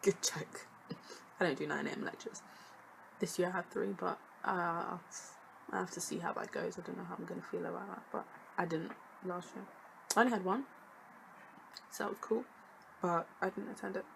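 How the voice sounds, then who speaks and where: A woman's voice: lowish voice, steady tone, fairly quick, gravelly, pauses often, a bit bright, a little hiss or hum, low-quality recording. Sassy, chatty young woman. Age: young adult. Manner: chatty and sassy, jokey asides, frequent laughs. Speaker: student vlogger. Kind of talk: casual chat to camera.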